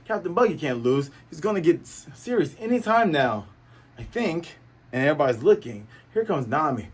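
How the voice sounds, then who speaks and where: With a higher voice that swings widely in pitch and sounds slightly rough, a manga review host goes through a comic chapter at normal speed, joking around, rambling, and addressing viewers between fillers.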